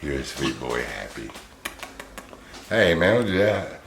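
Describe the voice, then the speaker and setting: Host: deep-voiced man, doting and chuckly with his pets, roomy home room. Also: big pitch swings, measured pace, vocal fry, over music. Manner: doting, chuckling, softens to cooing. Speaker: pet owner and channel host. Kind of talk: casual vlog narration to pets.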